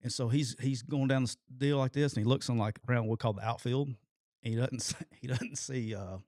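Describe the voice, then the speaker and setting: A man, a podcast co-host and former football coach, telling a story in casual chat, acting out quotes loudly and laughing often. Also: mid-range voice, a little fast, no echo, studio quality.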